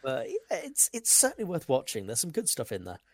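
A man co-hosting a casual podcast, enthusiastic and joking, full of quick asides. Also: fairly high pitch, huge pitch swings, husky, dry recording, studio quality. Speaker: podcast co-host. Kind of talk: casual chat.

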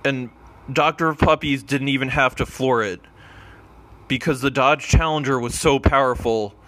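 Male narrator, casual comedic storytelling, bright tone, offhand and rambling. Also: mid-range voice.

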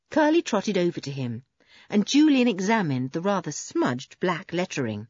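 A woman's voice: moderate pace, husky, no room sound. Woman reading a children's adventure story. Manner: lively, voices the children in higher pitch. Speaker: audiobook narrator. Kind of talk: storybook reading aloud with character voices. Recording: dull lo-fi dry recording.

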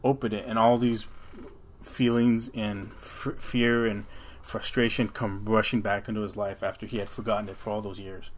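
Low-voiced man telling a creepy tale. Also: little pitch movement, normal speed. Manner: rambling, profane retelling with frequent restarts. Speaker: podcast co-host. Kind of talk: casual storytelling chat.

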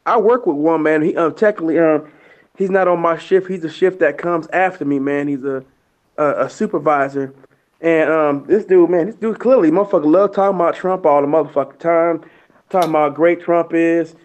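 A man's voice: on the high side, fairly quick, a little mellow. Rambling man telling work stories, lo-fi. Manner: rambling anecdotes, fillers, acts out quoted dialogue. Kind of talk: casual storytelling chat. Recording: dull lo-fi recording.

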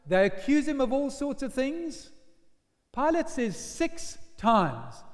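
A man preaching a sermon, telling a story in an animated way and acting out the voices of its people. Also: very high voice, slow. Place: church. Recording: long church hall reverb.

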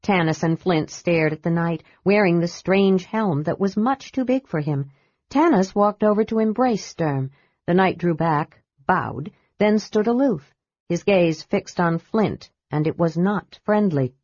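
Audiobook narrator: woman, low-pitched, measured, dry dull sound. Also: expressive, darkish tone, no room sound. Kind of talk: scripted fantasy narration.

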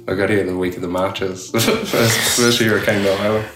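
A man's voice: fairly low pitch, fairly even intonation, fairly quick, fairly bright tone, faint music behind. A middle-aged Australian man, a tattoo artist, chatting casually in an interview and rambling with lots of fillers and restarts. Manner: rambling, many "you know" fillers and restarts. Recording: echoey room.

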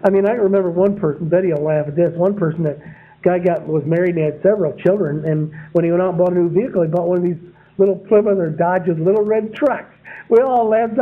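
A man's voice: sits high, fast. A man giving a folksy, rambling sermon full of homespun stories, chuckling at his own anecdotes. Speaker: preacher. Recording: phone-like narrow sound.

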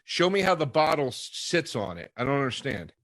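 A man's voice: mid-range voice, sing-song, brisk, fairly bright tone. A man on a podcast, answering crude questions in a sheepish, stammering, self-mocking way. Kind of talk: crude casual banter.

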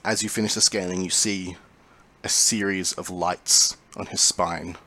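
A man narrating a tabletop role-playing game as game master, describing scenes in a calm, measured way. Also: deep voice.

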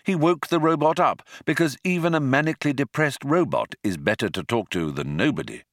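A man's voice: mid-range voice, lively intonation, brisk, dry recording. A man narrating an audiobook in a dry, wry storytelling manner. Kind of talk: scripted narration.

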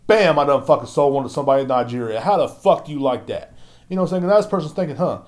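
A man hosting his own podcast, ranting and rambling with constant swearing, shifting from loud outbursts to low mumbling. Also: rapid-fire. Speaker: podcast host. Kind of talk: solo podcast rant.

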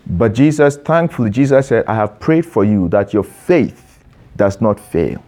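A man's voice: lowish voice, animated, unhurried, dark tone. A man preaching a sermon, emphatic, repeating phrases and stretching out stressed words, addressing his young listeners directly with questions.

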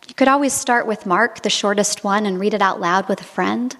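A woman's voice: medium pitch, brisk, a bit bright, in a large hall. A woman preacher delivering a sermon, telling stories in a reflective way. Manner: reflective storytelling. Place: monastery.

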